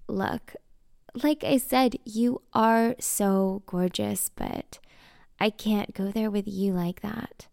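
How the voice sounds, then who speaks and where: An easygoing teenage jock who sweet-talks in a relaxed way, read by a woman in her own gravelly voice. The sound is dry and close. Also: mid-range voice, takes it slowly, no room sound. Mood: laid-back. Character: high school jock boy, easygoing and smooth.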